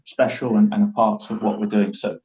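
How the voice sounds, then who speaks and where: A man's voice: fairly low pitch, brisk, rough recording. A young man from Scotland leading a live public speaking workshop, talking animatedly and acting out voices in his stories. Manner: animated, acts out voices in anecdotes.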